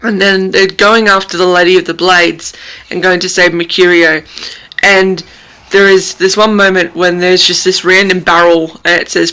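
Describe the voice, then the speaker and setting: A woman's voice: mid-range voice, a little slow, a bit bright, rough recording. Gushing young woman book vlogger. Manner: gushing, emotional, rambling. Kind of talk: casual reading vlog chat. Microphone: camera mic, wears glasses.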